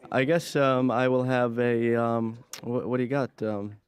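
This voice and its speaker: A man's voice: mid-range voice, steady tone, unhurried, clean tone, natural voice. A man voicing an awkward, hesitant young adult son in a cartoon, full of stammers and filler words. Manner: awkward, hesitant, self-absorbed.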